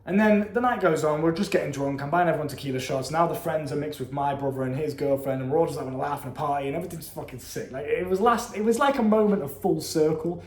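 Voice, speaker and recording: A young man tells a story in a loose, animated way, full of slang and swearing. His voice sits a little high for a man. The room around him is echoey. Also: fast, few pauses. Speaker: vlogger. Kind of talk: casual storytelling.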